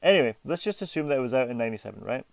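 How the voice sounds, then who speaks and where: A man's voice: medium pitch, animated, rapid-fire, vocal fry, no room sound. Joking British man co-hosting a podcast. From United Kingdom. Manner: joking, laughs often, teasing. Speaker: podcast co-host. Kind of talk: casual podcast banter.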